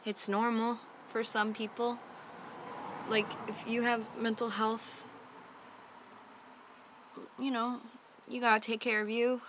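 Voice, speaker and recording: A young woman in a candid home vlog, talking earnestly and openly, sighing often as she calms down after a panic attack. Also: on the high side, takes it slowly, long pauses, noisy background. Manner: earnest and open, with frequent sighs and fillers. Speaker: vlogger. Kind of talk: candid personal talk to camera. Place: at home in the evening.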